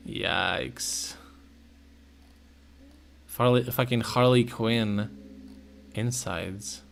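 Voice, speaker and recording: A man's voice: medium pitch, extremely slow, creaky, pauses often, fairly bright tone, faint music behind. A man casually thinking aloud as a streamer, slangy and profane, with sudden exclamations. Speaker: streamer browsing car listings. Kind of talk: casual live commentary.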